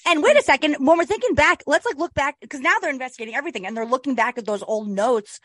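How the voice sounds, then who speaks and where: A higher-voiced woman talks fast and animatedly in a casual podcast chat, full of fillers and restarts, with an occasional curse. She is recorded close on a dry mic with no room sound. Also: a bit bright, dry recording. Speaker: podcast co-host. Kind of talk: casual true-crime chat.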